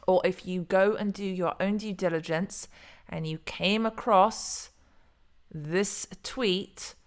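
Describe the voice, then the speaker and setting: A woman's voice: medium pitch, steady tone, slow. A middle-aged woman hosting a casual solo commentary video, chatty and rambling, often stumbling over names and restarting. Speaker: crypto video host.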